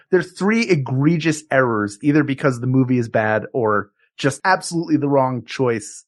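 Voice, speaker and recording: A man's voice: mid-range voice, animated, normal speed. A man co-hosting a comedic podcast, speaking emphatically with mock outrage. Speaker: podcast co-host.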